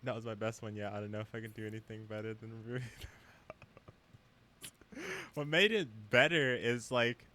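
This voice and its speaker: A man's voice: medium pitch, expressive, normal speed, long pauses, sharp tone, slight background noise. A man streaming a game, chatting casually with viewers and laughing often. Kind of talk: casual live-stream chat.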